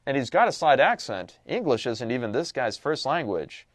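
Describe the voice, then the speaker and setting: A man's voice: mid-range voice, very animated, moderate pace, hardly any pauses, no room sound. A man teaching a casual lesson recap, reading passages aloud and posing questions he then answers himself. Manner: conversational, asks rhetorical questions then answers.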